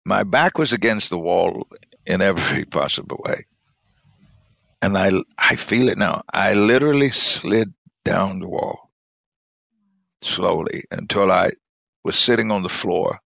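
A man, a church bishop, telling an emotional personal testimony in conversation, his voice dropping low and soft at the moving moments. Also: lively intonation, unhurried, creaky, pauses often, no echo. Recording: dull lo-fi dry sound.

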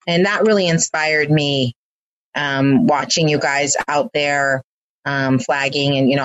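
A woman hosting a relaxed conversation, talking in a rambling, playful way with many fillers and restarts. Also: rumbling low, dry recording, highs cut off. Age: older than the young dancers. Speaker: host and dance team leader. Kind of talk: casual conversation.

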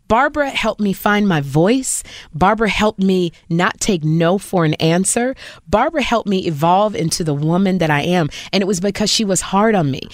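A middle-aged woman talks as a podcast guest. She tells stories with a lot of energy and slips into other people's voices when she quotes them. The recording is dry and close, with her voice sitting in the middle pitch range. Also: dry recording. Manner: animated storyteller, acts out quoted voices. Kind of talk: casual chat.

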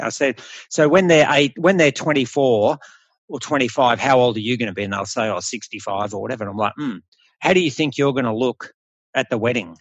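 A middle-aged Australian man talks in a blunt, animated way and swears without hesitation. His voice sits at a middle pitch and is recorded dry, with no room echo. He sounds like a no-nonsense coach chatting on a podcast. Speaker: health coach guest. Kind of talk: casual podcast conversation.

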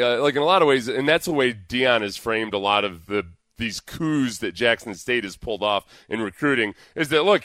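A man co-hosting a casual sports radio show, sarcastic and animated, with frequent restarts, on a studio mic. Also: medium pitch, clear, resonant tone, no echo. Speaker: sports talk show co-host.

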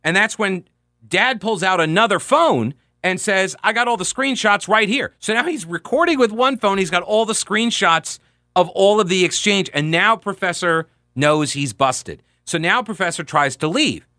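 A man's voice: high-pitched, expressive, moderate pace, bright, forceful tone, no echo, clean studio sound. A man hosting a radio talk show, recounting a story in an emphatic, conversational way.

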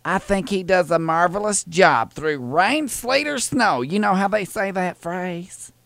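A man's voice: high-pitched, animated, a little slow, gravelly, a bit bright, no room sound, exaggerated voice. A man playing a drawling southern old lady caller. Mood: folksy. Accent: American Southern. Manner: folksy, drawling, rambling. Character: chatty older southern woman prank caller. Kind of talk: prank phone call.

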